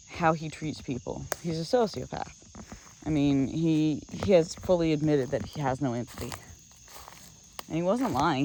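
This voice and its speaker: An adult vlogger rambles through a frustrated vent while walking a woodland trail outdoors, speaking at an ordinary mid pitch. The talk is loose and halting, full of fillers and restarts. Faint insects and crickets hum quietly in the background. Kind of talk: casual venting vlog while walking.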